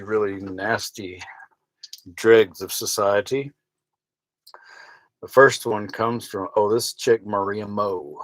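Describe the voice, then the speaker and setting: This man's voice is fairly low and a bit bright, recorded without echo but at low quality. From a tiny sailboat cabin at night, he hosts a casual live-stream chat, reading out viewer comments in wry mock outrage.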